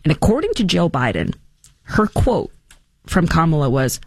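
A woman's voice: low voice, normal speed, dry recording, clean studio sound. A woman hosting a commentary show, talking in an opinionated, mocking way and acting out quotes. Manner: animated, mocking, acts out quotes.

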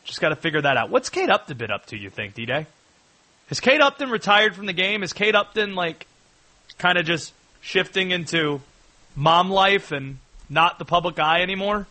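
A man hosting a sports talk radio show, riffing casually and jumping into excited bursts. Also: high voice, normal speed, low-quality recording. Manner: chatty, riffing, jumps into loud excited bursts.

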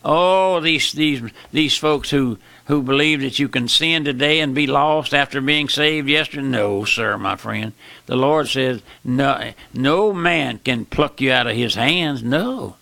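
A man preaching a sermon with impassioned pitch jumps, slowing down for emphasis and calling out "my friend" often. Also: gravelly, sharp tone, dry recording.

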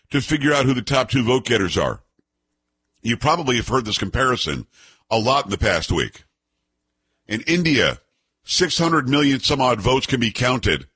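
A man talks through election results on his own show, reading news items aloud and breaking in with blunt, sarcastic opinions. His voice is somewhat husky, with a middling pitch. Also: a bit bright. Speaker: political commentator host. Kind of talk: opinionated solo political commentary.

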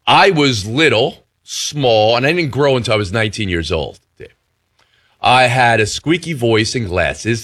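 Excited sports radio host with a cracking voice. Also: male voice, medium pitch. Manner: excited, emotional, heartfelt. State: slightly hoarse, cracking voice.

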